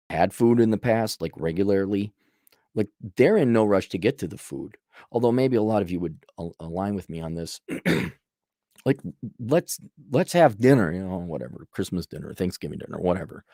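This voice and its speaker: A man's voice: low voice, dark tone, no echo, studio quality. A man giving blunt, profane life advice in a sarcastic monologue.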